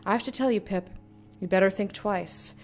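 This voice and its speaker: A woman's voice: mid-range voice, moderate pace, darkish tone, a little hiss or hum, lightly acted. A woman reading a letter aloud in a put-on British accent as a blunt, chatty young working-class woman writing to her sister. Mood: gossipy.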